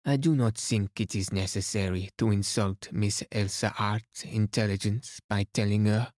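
A man's voice: lowish voice, fairly even intonation, normal speed, darkish tone, no echo, natural voice. Poirot, a man doing a fussy older detective. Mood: mildly reproving. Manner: mildly reproving, polite, sprinkles French words. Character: fussy, self-assured older male detective.

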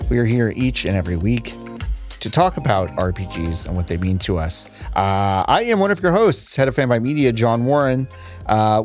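A man hosting a casual gaming podcast, playful and quick to laugh. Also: medium pitch. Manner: playful, laughs often, restarts intros. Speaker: podcast host.

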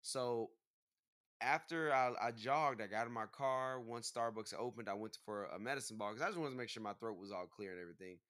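A man's voice: mid-range voice, a little fast. A man co-hosting a casual chat who tells stories animatedly, acting out what people said. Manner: animated storyteller, acts out dialogue. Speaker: podcast co-host, groom.

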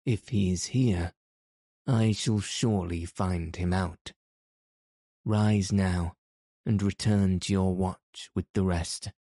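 A man's voice: sits low, steady tone, slow pace, dark tone, no echo, clean studio sound. A man voicing a menacing male wizard who speaks in a stern, commanding way. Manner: commanding and imperious.

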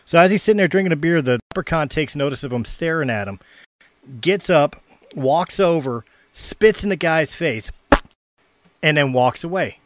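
A man's voice: a little high, lively intonation, moderate pace, no echo. A man hosting a podcast, laughing and telling a joke in a loose, casual way from the back of a bus. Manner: laughs a lot, loose and joking. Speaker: podcast host.

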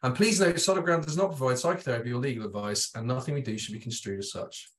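A man's voice: mid-range voice, fairly bright tone. A man co-hosting a live stream, reading a show blurb aloud in a wry, uneven way. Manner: wry, reads quickly and unevenly. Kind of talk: joking read of a show blurb.

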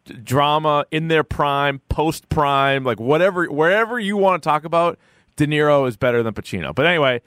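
A man's voice: on the high side, a little fast, fairly bright tone, smooth, no room sound, studio quality. A man co-hosting a podcast in casual chat, blunt and opinionated and cursing freely. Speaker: podcast co-host.

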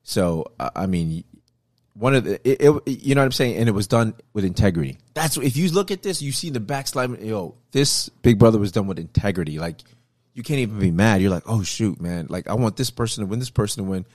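A man in casual chat, telling a story with lively acted-out quotes and lots of repeated words. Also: lowish voice, a little fast, no room sound, studio quality. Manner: animated storytelling, acts out quotes; repeats words, frequent fillers.

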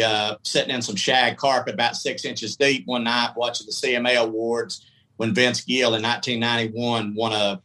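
This middle-aged man spins a long, candid tale in a folksy, rambling manner. His voice has a bright, forceful edge and sits at an ordinary pitch for a man. He talks loosely, like a guest at ease. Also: poor audio. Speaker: guest, country singer. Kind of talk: casual storytelling.

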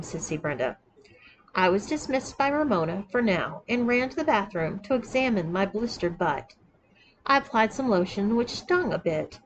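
A woman reading a first-person story aloud in an even, storytelling delivery. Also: mid-range voice, a little hiss or hum, low-quality recording. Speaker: narrator. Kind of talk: audiobook reading of an erotic memoir.

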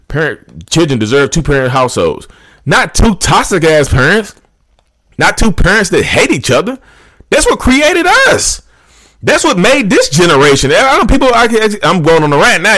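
A man's voice: fairly high pitch, a bit bright. A man hosting his own channel, going on an emphatic, repetitive rant. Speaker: channel host. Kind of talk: ranting monologue to camera.

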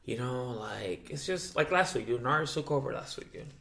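A man's voice: medium pitch, expressive, brisk, creaky, fairly bright tone, echoey room. A young man hosting a podcast, telling stories in a loose, profane, filler-heavy way, saying "dude" often. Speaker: podcast host. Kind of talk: casual chat.

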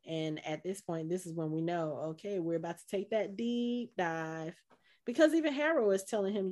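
A woman's voice: on the low side, moderate pace. A woman co-hosting a podcast, recapping an episode in casual chat and acting out the characters' lines. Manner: animated, acts out character quotes. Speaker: podcast co-host.

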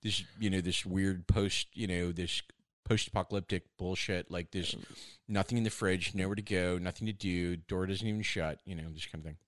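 A loose, rambling movie star drifting from thought to thought in a surfer drawl, as a man puts him on. The voice sits fairly low and is recorded dry and close. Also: steady tone, moderate pace, no echo, lightly acted. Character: rambling laid-back male movie star.

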